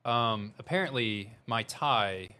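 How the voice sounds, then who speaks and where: A man's voice: lowish voice, slow pace, bright, forceful tone, clean tone. A young male meteorologist with a Southern Missouri accent, giving earnest, urgent live storm coverage and reading viewer updates. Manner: earnest, urgent warnings, reads viewer chat aloud. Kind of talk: live severe weather coverage.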